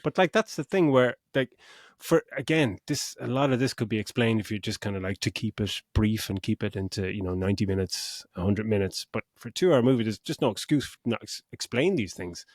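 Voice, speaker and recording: A man's voice: lowish voice, brisk, hardly any pauses, no echo, studio quality. A man co-hosting a film review podcast, ranting in exasperation and swearing with laughs. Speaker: podcast co-host. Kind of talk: casual film review chat.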